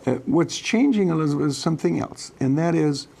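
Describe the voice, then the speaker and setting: A man's voice: on the high side, expressive, a little fast, creaky, dark tone, breathy edge. A man from Germany, a foreign policy expert, answering interview questions in a hesitant way with many fillers and restarts.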